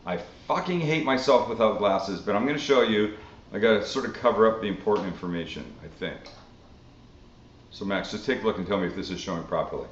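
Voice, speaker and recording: A man from Canada hosting a live cooking Q&A, chatting casually with animated, swearing asides. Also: fairly low pitch, fast talker. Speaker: cooking show host. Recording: roomy, dull lo-fi sound.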